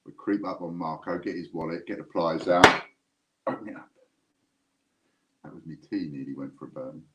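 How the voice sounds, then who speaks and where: A man's voice: low-pitched, normal speed, a bit bright, highs cut off, a little hiss or hum. A man hosting a live stream, chatting casually and jokingly straight to his viewers. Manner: rambling, jokey, talks straight to viewers.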